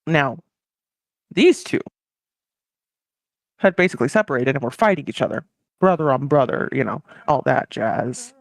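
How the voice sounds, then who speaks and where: A podcast host casually retelling history as comedy, animated with fast asides. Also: mid-range voice, vocal fry, no room sound, clean studio sound.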